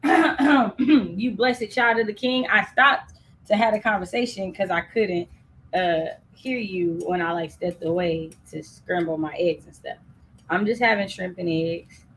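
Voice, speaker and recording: A woman's voice: on the low side, a little slow, a bit bright, a little hiss or hum, low-quality recording. A woman co-hosting a livestream over a call, playful and often laughing. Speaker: co-host. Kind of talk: casual chat on a livestream.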